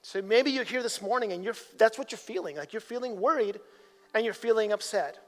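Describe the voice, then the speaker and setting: A male pastor delivers a sermon in a church sanctuary. His voice sits very high, and the sound carries a long reverberant tail. He talks in a conversational way, doubling back on words and then rising to emphatic peaks. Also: a little fast, faint music behind.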